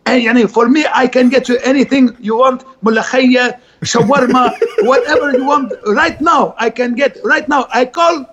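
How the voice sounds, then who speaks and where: A man's voice: very high-pitched, moderate pace, a bit bright, dull audio, slight background noise. A man putting on a boastful middle-aged Lebanese hustler with a put-on Arabic accent and broken English. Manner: swaggering, broken English, bragging.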